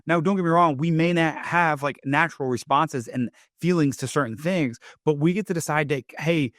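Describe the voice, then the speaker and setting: A man's voice: fairly high pitch, normal speed, fairly bright tone, dry recording, studio quality. A man hosting his own podcast, talking in a loose, casual monologue full of "like" and "right?". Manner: loose, chatty, leans on "like" and "right?". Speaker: podcast host.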